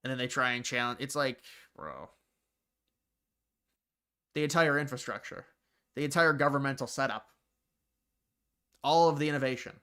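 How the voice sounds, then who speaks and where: A man's voice: mid-range voice, lively intonation, normal speed, long pauses, sharp tone, smooth. A man hosting a casual livestream, rambling and answering viewers' comments as they come in. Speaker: livestream host.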